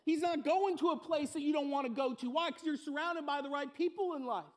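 Male pastor, very high voice, preaching with lively acted-out scenes. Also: brisk. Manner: storytelling, acting out everyday scenes. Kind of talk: sermon.

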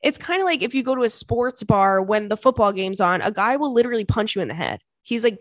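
A woman's voice: on the high side, quick pace, few pauses, no room sound, studio quality. A young woman hosting a casual comedy podcast, reading listener emails aloud and riffing with swearing and frequent laughter. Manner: animated, swears, laughs often.

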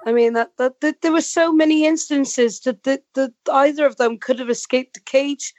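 A woman's voice: high voice, steady tone, normal speed, darkish tone, dry recording, lo-fi sound. A woman co-hosting a casual wrestling chat, complaining emphatically and with exasperation. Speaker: podcast co-host.

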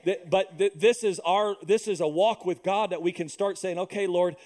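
A man in his thirties preaching a sermon as pastor, telling stories in an animated way and acting out other people's voices. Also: high-pitched, normal speed. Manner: animated storytelling, acts out voices.

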